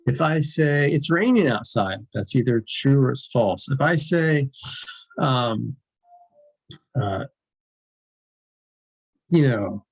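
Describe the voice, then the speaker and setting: A man's voice: mid-range voice, expressive, slow pace, creaky, long pauses, husky, rough recording. A man teaching an introductory logic lecture in a conversational way, restarting and repeating himself for emphasis. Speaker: philosophy lecturer.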